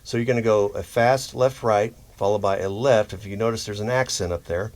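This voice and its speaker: A man teaching drum rudiments in a relaxed, explanatory way, often checking in with "okay?". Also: on the low side, a little fast. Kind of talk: instructional demonstration.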